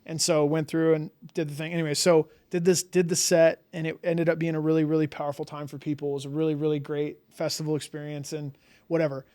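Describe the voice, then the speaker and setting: A man with a fairly high voice talks as a podcast guest. He spins a long, casual story, packed with "like" fillers, and acts out his own reactions along the way. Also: little pitch movement, fast, a little mellow.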